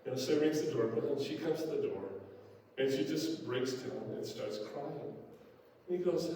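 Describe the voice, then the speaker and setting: A man's voice: a little high, normal speed, dark tone. An older male pastor preaching a sermon in a folksy, anecdotal storytelling manner with frequent filler words. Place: church sanctuary. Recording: echoey church hall, distant mic.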